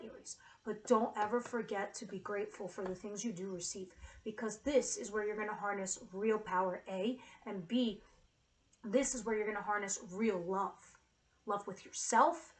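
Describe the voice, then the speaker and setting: A woman's voice: medium pitch, poor audio. A woman giving a casual tarot reading to camera, earnest and emotional, with casual swearing. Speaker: tarot reader.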